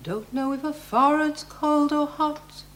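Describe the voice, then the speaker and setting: A woman's voice: high-pitched, unhurried, fairly bright tone. An actress playing a mournful woman prisoner who sings a sad folk ballad in a drama series clip.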